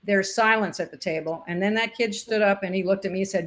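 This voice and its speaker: Animated woman telling stories. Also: medium pitch, fast. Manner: animated storyteller acting out quoted dialogue. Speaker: interview guest, former sportscaster and umpire. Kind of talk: casual storytelling interview.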